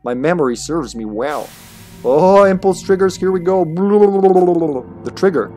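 Male streamer, animated and joking, slow unhurried delivery, music under the commentary. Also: high-pitched. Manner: playful, joking, reads in-game lines aloud. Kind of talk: casual gameplay commentary.

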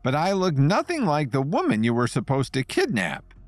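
A man's voice: a little high, wildly swooping pitch, normal speed, no echo, soft background music, voice pushed up. A man voicing an irritated, scheming pregnant woman who speaks sharply. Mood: exasperated.

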